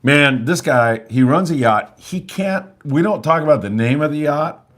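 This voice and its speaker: A man's voice: fairly high pitch, lively intonation, normal speed. An older man hosting a live fishing show, joking around and reading out viewer comments in casual chat. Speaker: host.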